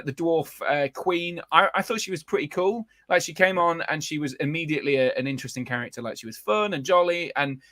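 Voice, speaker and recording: A man hosting a casual livestream, talking in a loose, halting way full of ums and restarts. His voice sits mid-range and sounds close and dry. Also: mid-range voice, bright, forceful tone, no room sound. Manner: rambling, many fillers and restarts. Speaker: podcast host.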